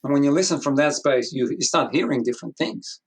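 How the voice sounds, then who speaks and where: A man's voice: medium pitch, a little fast, slightly rough. A man speaking as an interview guest, telling a story with a lot of restarts and acting out the dialogue. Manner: animated storytelling, acts out quoted dialogue, frequent restarts. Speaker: guest, business consultant. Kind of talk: conversational interview.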